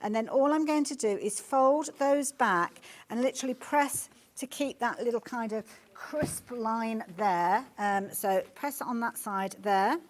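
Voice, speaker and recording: A woman's voice: a little high, unhurried. Methodical woman demonstrating sewing. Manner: calm, methodical, instructional. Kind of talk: step-by-step demonstration.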